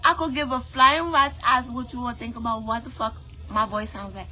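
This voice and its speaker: A woman's voice: on the high side, steady tone, moderate pace, bright, forceful tone, lo-fi sound. A woman from Brooklyn, New York, with a Trinidadian-influenced accent, ranting bluntly and profanely to camera in a vlog, full of emphatic rhetorical questions. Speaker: vlogger. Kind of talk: impassioned direct-to-camera rant.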